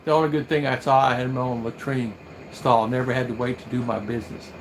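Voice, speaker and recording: A man's voice: medium pitch, fairly even intonation, fast talker, slight background noise, low-quality recording. An older man from the United States hosting a casual livestream, telling rambling stories and acting out the voices of people he quotes. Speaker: livestream host.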